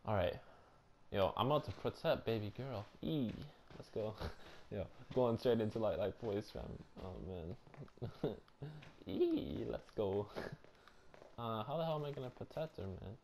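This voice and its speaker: A young man doing casual let's-play commentary on a horror game, loud, joking and slangy. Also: on the low side, animated, a little slow, a little hiss or hum. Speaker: gameplay streamer.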